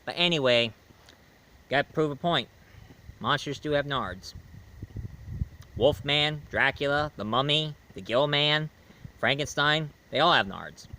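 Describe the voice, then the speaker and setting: Bright-voiced chatty male movie reviewer. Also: a little high, unhurried, pauses often, a little hiss or hum, low-quality recording. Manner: rambling, chatty, with many fillers and restarts. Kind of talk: casual video film review.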